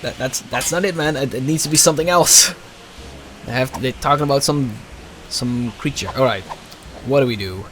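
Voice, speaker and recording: A man's voice: mid-range voice, moderate pace, fairly bright tone, a little hiss or hum. A man casually commenting on a game as he plays, muttering, cursing and getting frustrated. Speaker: gaming streamer. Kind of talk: casual let's play commentary.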